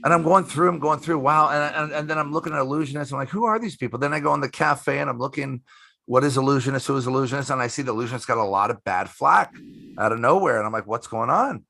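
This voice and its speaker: A middle-aged man, a magician guest in a casual interview, telling animated stories, acting out the people he quotes and swearing casually. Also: mid-range voice, fast talker, creaky.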